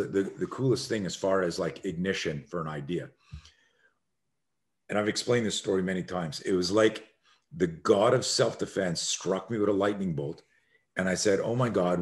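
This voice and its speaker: Low-voiced man telling a lively story. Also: normal speed. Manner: acts out quoted voices, swings loud and soft. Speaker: self-defense instructor, podcast guest. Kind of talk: animated storytelling in a podcast interview.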